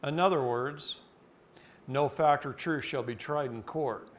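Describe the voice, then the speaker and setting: A man from Oregon giving a seminar lecture, blunt and folksy, telling a story and then explaining a point. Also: unhurried. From Oregon, United States. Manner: folksy and blunt, acts out quotes with jumps in pitch. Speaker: seminar speaker.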